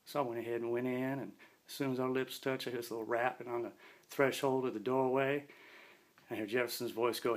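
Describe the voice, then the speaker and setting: A middle-aged man spinning a story in an easy, folksy way, full of slang. His voice sits at a middle pitch, and he often slips into talking about himself in the third person. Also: steady tone, fairly quick. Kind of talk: casual spoken storytelling.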